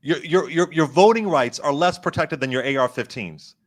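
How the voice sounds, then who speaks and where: A man's voice: a little high, moderate pace. A man guest-hosting a political commentary show, talking in an impassioned, emphatic way and repeating words for stress. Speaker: guest host.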